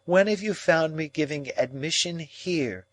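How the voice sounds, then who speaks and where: A man reading an audiobook, voicing a proud, cool young woman who speaks in measured, cutting reasoning. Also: a little high, fairly bright tone, no echo, pitched above the performer's own voice. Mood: cold.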